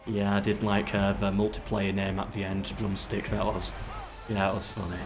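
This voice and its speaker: Low-voiced man streaming a strategy game. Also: little pitch movement, normal speed. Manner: chatty, gives orders to troops, talks to chat. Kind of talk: live game stream commentary. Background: game music.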